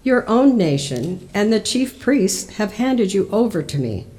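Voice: mid-range voice, sing-song, a little slow, warm tone, voice pushed up. A church lector reading the part of a Roman governor questioning a prisoner, lifting the voice on the questions. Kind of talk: liturgical Scripture reading.

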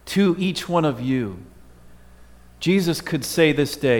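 A man preaching a sermon as pastor, telling stories and dropping his voice slowly for emphasis. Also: fairly high pitch, lively intonation. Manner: storytelling with emphatic slow drops. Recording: echoey hall.

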